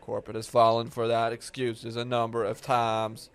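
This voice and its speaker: A man playing a grumpy, greedy old diner manager with a gruff, dismissive manner in an amateur comedy sketch. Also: mid-range voice, monotone, close to an everyday voice. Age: older. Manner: gruff, dismissive and slow-spoken.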